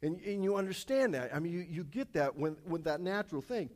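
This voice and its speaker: A male preacher with a fairly high voice delivers a casual sermon. He tells stories with jokes, swinging from loud, punchy lines to quiet asides. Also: brisk. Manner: casual, animated storytelling with jokes. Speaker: pastor.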